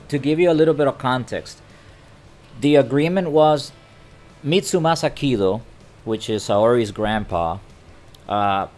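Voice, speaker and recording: A man's voice: mid-range voice, a little mellow. A man casually retelling an anime episode to a camera, chatty and stammering. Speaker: anime recap vlogger. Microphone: talking to a camera.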